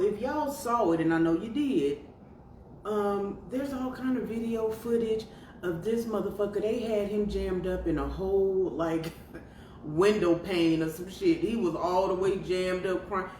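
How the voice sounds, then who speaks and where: A woman hosting her podcast solo, talking in a sassy, profane, animated way, with lots of asides to her listeners. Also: on the low side. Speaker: podcast host. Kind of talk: casual commentary monologue. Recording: roomy, distant mic with faint noise.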